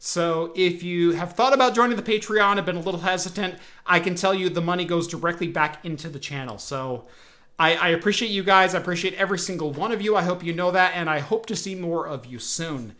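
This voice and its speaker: A man's voice: high voice, brisk, sharp tone. A man hosting a casual tech podcast from home, rambling with lots of fillers and restarts. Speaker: podcast host. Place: home, broadcasting remote.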